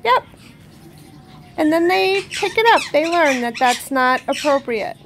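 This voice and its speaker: Giggly high-voiced woman with squawking birds. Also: animated, measured pace. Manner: giggly, cooing baby talk to her parrot. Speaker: parrot-keeping vlogger. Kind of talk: casual vlog talk. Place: home with pet birds. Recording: noisy, squawking birds behind.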